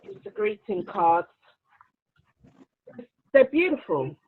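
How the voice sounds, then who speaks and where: A woman hosting a live-streamed book launch, bubbly and quick to laugh as she reads out comments. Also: medium pitch, sing-song, a little hiss or hum. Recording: tinny phone-like line.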